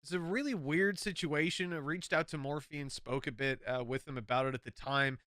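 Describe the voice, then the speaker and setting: Irish guy ranting on a podcast, fairly high voice, swears a lot. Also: fairly even intonation, normal speed, pushed and bright, dry recording, studio quality. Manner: blunt, frequent swearing, emphatic rants. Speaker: esports caster. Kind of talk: casual podcast chat.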